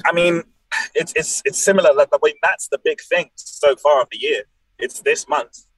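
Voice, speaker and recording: A man in his late twenties talking as a podcast guest, animated and jokey in his storytelling. His voice sits a little high. The recording is dry and close. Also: moderate pace, breathy edge, dry recording, low-quality recording. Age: late 20s. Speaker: professional wrestler, guest. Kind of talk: casual podcast chat.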